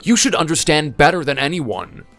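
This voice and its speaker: A man's voice: fairly high pitch, sing-song, normal speed, a bit bright, soft background music. A man voicing an exasperated son-in-law in a voice-acted text story, speaking bluntly and scolding. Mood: angry.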